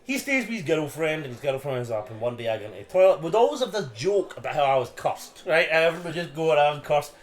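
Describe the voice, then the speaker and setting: A Scottish man telling a story in casual pub chat, animated and sweary, laughing often. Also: on the high side, quick pace, hardly any pauses. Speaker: podcast co-host. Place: busy pub.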